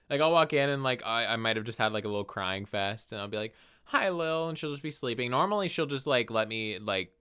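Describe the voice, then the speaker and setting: A young man co-hosting a podcast in casual chat, expressive, often jumping into high playful voices when quoting people. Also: clean tone. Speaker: podcast co-host.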